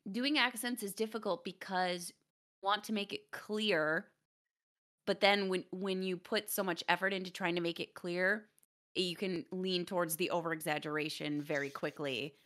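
A young adult woman chatting casually on a stream, lively and quick to laugh. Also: on the low side.

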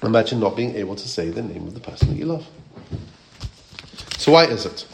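A man's voice: fairly low pitch, sing-song, fairly quick, gravelly, slight background noise. Man, rabbi teaching a Torah class; questions the listeners, quotes Hebrew and Aramaic sources.

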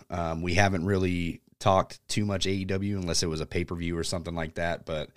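A man with a deep, smooth voice talks in a relaxed, rambling way, full of ums and casual swearing. The recording is dry and close. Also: brisk, hardly any pauses, no echo. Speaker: podcast host. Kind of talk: casual wrestling chat.

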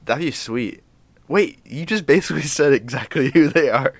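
A man's voice: on the high side, expressive, moderate pace, dry recording. A young man co-hosting a podcast, laid-back and jokey in casual chat. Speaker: podcast co-host.

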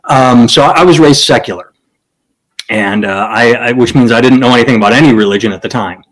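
A man's voice: mid-range voice, a little fast, fairly bright tone, poor audio. Rambling, profane male storyteller. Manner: rambling, profane, restarts, acts out quoted people. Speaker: podcast host telling a story. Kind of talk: casual storytelling chat.

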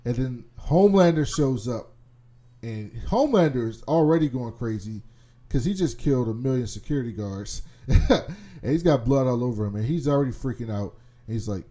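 Male co-host, mellow timbre, animated casual recapper with a loose mouth. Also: mid-range voice, normal speed. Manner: animated storytelling, swears freely.

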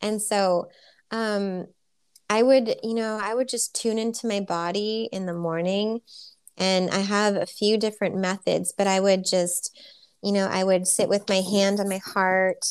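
A woman with a smooth, resonant voice speaks softly about healing as an interview guest. She sounds dreamy and gushing, her thoughts trailing through ums and likes, at an ordinary mid pitch. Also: steady tone, a little slow. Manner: soft, dreamy, gushing, many fillers. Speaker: spiritual healer guest. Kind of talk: casual interview talk.

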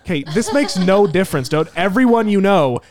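A man's voice: sits high, lively intonation, brisk, a crowd in the background. A young man from the United States in casual podcast chat, arguing his points with many restarts. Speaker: podcast co-host.

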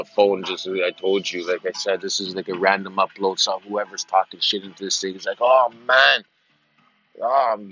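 Low-voiced man rambling on a lo-fi podcast. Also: sharp tone. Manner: meandering, repeats phrases, slips into silly greeter voices. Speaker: podcast host. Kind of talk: rambling casual monologue.

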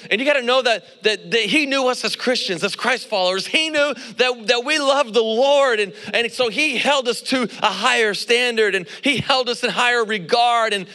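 A young man preaching with a bright, forceful voice, slightly high for a man. He tells his story in an animated way, acting out each exchange. The sound rings out with a long hall reverb. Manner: animated storytelling, acting out quotes, frequent laughs and asides. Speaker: pastor. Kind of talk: sermon with personal story.

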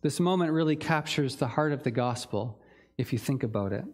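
A man's voice: medium pitch, animated, brisk. A man preaching a sermon in an earnest, reflective way, with some fillers and restarts. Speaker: pastor.

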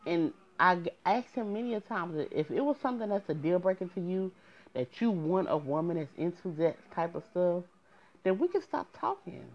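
A woman's voice: lowish voice, expressive, moderate pace, muffled recording. A young woman telling her dating story frankly to her viewers, in an exasperated casual manner. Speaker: storyteller vlogger.

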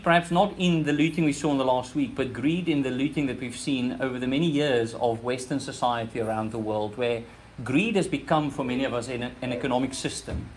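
Preaching in church with a South African accent, this pastor speaks earnestly and repeats words and restarts phrases to push his points. His voice sits on the high side, with slight background noise.

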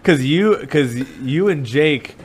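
A man's voice: on the high side, expressive, slow, breathy edge. A man hosting a podcast in casual chat, laid-back and saying "dude" often. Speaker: podcast host.

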